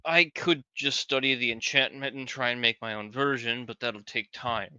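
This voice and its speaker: Bright-voiced man at a game table. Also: medium pitch, steady tone, moderate pace, clear, resonant tone. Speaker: player. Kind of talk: casual chat at a game table.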